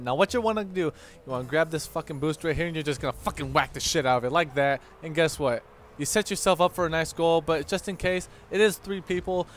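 Hosting his own gaming channel, a young man with a slightly high voice gives excitable, mock-instructional commentary over gameplay, full of swearing and sudden outbursts.

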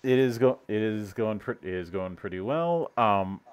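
A man's voice: lowish voice, expressive, normal speed, clean tone. Rambling male podcast host, stop-start. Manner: rambling, with frequent restarts and stammered repeats. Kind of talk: casual podcast chat.

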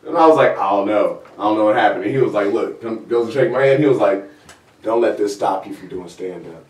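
A man's voice: lowish voice, quick pace. A man hosting a comedy talk show, telling stories casually and acting out the voices of the people in them. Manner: animated, acts out the voices in his stories, laughs. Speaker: comedian host. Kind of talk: casual storytelling chat. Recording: roomy sound from a distant mic.

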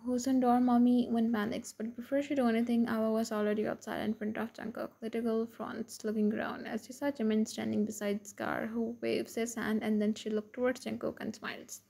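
Woman, fan fiction narration, gravelly, husky, flat, slightly high. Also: brisk, hardly any pauses.

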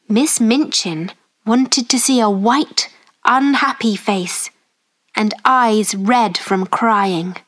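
Very slow storybook narrator woman. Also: fairly high pitch. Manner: slow, careful, clearly spoken. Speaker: storyteller for English learners.

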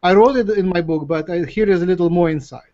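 A man's voice: high voice, fast talker, warm tone. A man from the former Soviet Union, hosting a webinar and explaining earnestly. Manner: earnest, repeats phrases, speeds up when explaining. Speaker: host. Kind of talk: casual webinar talk. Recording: dull lo-fi webinar audio.

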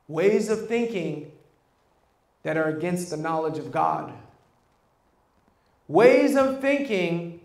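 A preacher with a high, bright male voice, calling questions out to his congregation. The sound rings around an echoey church room. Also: vocal fry. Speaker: pastor. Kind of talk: sermon.

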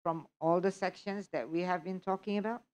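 A woman's voice: fairly low pitch, brisk, a little mellow. A woman instructor, answering audience questions in a live workshop and checking often that she is understood. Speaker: test preparation instructor.

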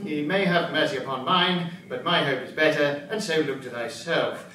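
An actor playing a rowdy, boozy, scheming older knight in a live stage play, with boisterous laughing delivery. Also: male voice, a little high, moderate pace, sharp tone, slight background noise. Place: large old timber barn. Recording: echoey barn, voice from far off.

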